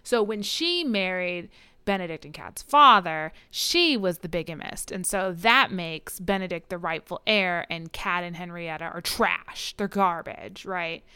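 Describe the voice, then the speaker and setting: A woman co-hosting a casual book podcast, recapping a novel with lively acted-out lines and laughter. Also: fairly low pitch, a little slow, clean tone, dry recording. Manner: animated retelling, acting out characters' lines with swearing and laughs. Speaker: podcast co-host. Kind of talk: casual book-club chat.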